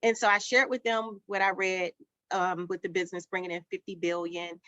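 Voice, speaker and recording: A woman's voice: lowish voice, brisk, no room sound. A woman, a childcare business owner, telling her story as a summit guest and acting out the dialogue in it. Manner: lively storyteller who acts out quoted dialogue. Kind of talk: storytelling interview answers. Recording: dull lo-fi dry sound.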